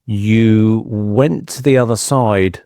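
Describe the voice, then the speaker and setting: A podcast co-host with a fairly low male voice asks his questions hesitantly. He stumbles and repeats words before he gets going. The recording is dry and close. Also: slow, mellow, no room sound. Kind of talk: casual podcast interview.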